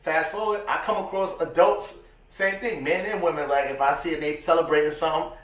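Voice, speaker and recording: Animated slangy man in an echoey room. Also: a little high, brisk. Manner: animated storyteller, slangy, acts out quotes. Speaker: podcast co-host. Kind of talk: casual chat. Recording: echoey room, distant mic.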